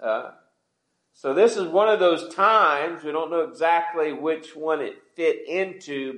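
A man preaching a sermon in a conversational way, asking the congregation questions as he goes. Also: a little high. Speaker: pastor. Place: church sanctuary. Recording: echoey church hall.

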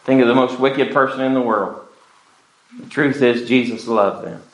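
A pastor with a medium-pitched voice preaches a sermon at normal speed in an echoey church. He is earnest and pleading, with wide swings in loudness.

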